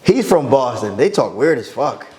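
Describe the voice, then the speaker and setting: A man's voice: mid-range voice, very animated, normal speed, darkish tone. A man in brash, joking casual chat as a podcast guest, swearing freely.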